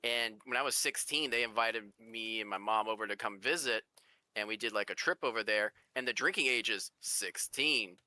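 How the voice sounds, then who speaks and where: A man's voice: lowish voice, normal speed, sharp tone, dry recording. A man chatting casually on a stream, telling a laid-back story. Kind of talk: casual chat.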